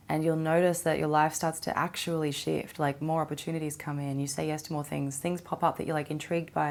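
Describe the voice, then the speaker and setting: A young adult woman hosting a casual spiritual self-help podcast, animated, swearing freely and laughing often. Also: low-pitched. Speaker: podcast host.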